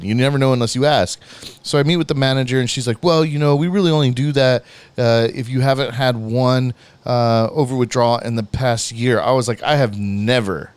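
A young man hosting a podcast, telling a rambling story about his day with lots of swearing and animated retelling. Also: mid-range voice, smooth, no room sound. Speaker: podcast host. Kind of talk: casual storytelling chat.

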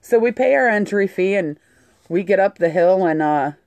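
A woman telling a story in casual chat, animated and swearing freely. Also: mid-range voice, moderate pace, no room sound. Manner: animated, swears a lot, acts out quotes.

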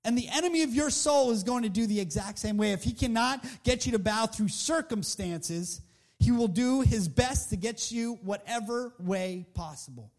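A man preaching a sermon in an animated, conversational way, acting out the people he quotes. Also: high voice, moderate pace.

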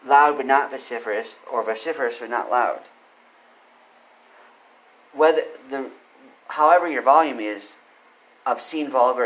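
Man, solo commentary, earnest and opinionated, questions to the listener, average pitch. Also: fairly bright tone, low-quality recording. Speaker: commentator reading and discussing legal code. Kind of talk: solo commentary with read-out legal text.

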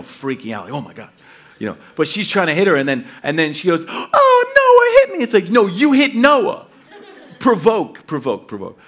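A middle-aged pastor preaching, reading scripture and telling lively personal stories, acting out voices and laughing as he goes. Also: medium pitch. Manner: animated storytelling, acts out voices, laughs often.

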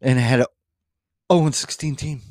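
A man co-hosting a casual sports podcast, ranting with animated outbursts. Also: medium pitch, normal speed, no room sound, clean studio sound. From Detroit area. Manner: animated, ranting, bursts into shouting. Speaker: podcast co-host.

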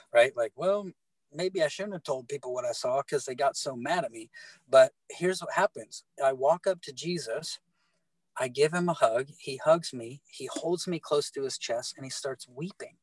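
A middle-aged man telling his faith story in casual talk, animated and halting, often repeating words and restarting. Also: mid-range voice, no room sound, rough recording. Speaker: guest telling his testimony.

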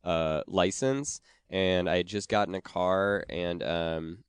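Casual podcast co-host, male, low and clean-toned, profane rambling anecdotes, dry studio. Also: takes it slowly, clean tone, no echo. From Wisconsin. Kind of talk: casual chat, storytelling.

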